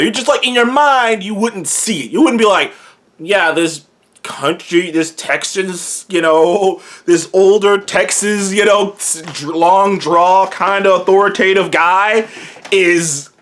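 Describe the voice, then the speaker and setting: This is a casual movie review monologue from a channel host who gets worked up fast. The speech is loose and profane, with sudden high leaps in the voice on the parts that thrill them most. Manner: excitable, swears freely, jumps up in pitch when enthused.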